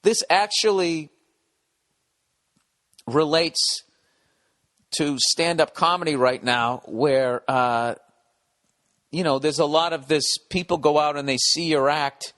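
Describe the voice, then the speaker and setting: A man's voice: a little high, takes it slowly, pauses often, fairly bright tone. A man hosting a podcast, reading out a listener's letter and riffing on it in sardonic, profane, rambling casual comedic chat. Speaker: podcast host.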